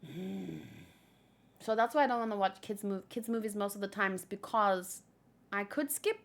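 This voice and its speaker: With a mid-range voice and moderate pace, this woman hosts a manga read-along. She reads the comic out loud and adds commentary in a casual, gushing, emotional way.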